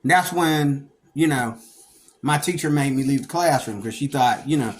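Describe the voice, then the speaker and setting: A middle-aged man from Pennsylvania telling stories from his past in a rambling, animated way, breaking into loud bursts when he acts out what others said. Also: high voice, normal speed, slight background noise. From Pennsylvania, United States. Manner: rambling, animated, acts out quoted people with sudden loud outbursts. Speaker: storyteller recounting his past. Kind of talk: casual monologue.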